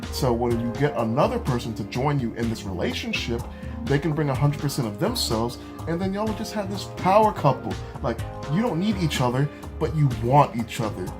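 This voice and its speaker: A man's voice: mid-range voice, big pitch swings, a little fast. Chatty young man vlogging over music. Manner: chatty and earnest, giving advice with restarts and asides. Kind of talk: casual vlog chat. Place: his home, walking from bedroom to kitchen.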